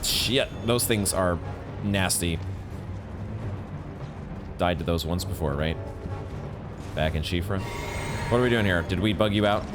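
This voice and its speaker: A man's voice: low-pitched, unhurried, long pauses. A man giving live commentary on a video game he is playing, exasperated, swearing and restarting his sentences, with game music behind him. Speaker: gaming streamer.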